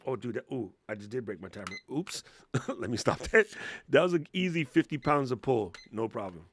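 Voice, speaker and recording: A man hosting a casual live Q&A, talking in a slangy, excitable way and laughing often. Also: mid-range voice, normal speed, a little hiss or hum. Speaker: livestream host.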